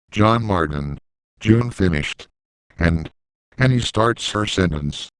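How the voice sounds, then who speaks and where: Slow, low-voiced male story reader. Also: smooth, no room sound, poor audio. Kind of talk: reading a fan-written creepypasta story.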